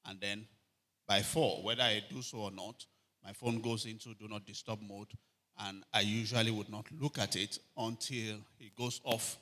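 A man preaching a sermon, telling animated stories and calling for amens. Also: fairly low pitch, moderate pace. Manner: animated storytelling, shouting quoted cries, frequent calls for amen. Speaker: pastor.

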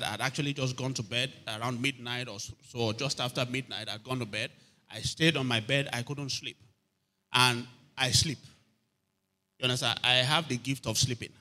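Preaching through a story, a pastor repeats phrases and asks the listeners again and again, "are you hearing me?" His mid-range voice sounds pushed and bright.

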